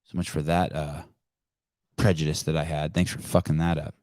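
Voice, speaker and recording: A man's voice: rumbling low, little pitch movement, normal speed, a little mellow, no room sound. A man hosting a live call-in podcast, off-the-cuff, sarcastic and profane. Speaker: podcast host.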